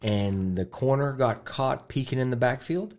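A man's voice: mid-range voice, unhurried, a little mellow. A man co-hosting a sports podcast, recounting a football game play by play in casual chat. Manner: conversational, recounts game plays.

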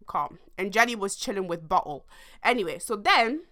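A young woman, telling a long story to her viewers in a rambling, animated way, full of slang and fillers. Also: medium pitch, moderate pace. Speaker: vlogger. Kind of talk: casual storytime monologue.

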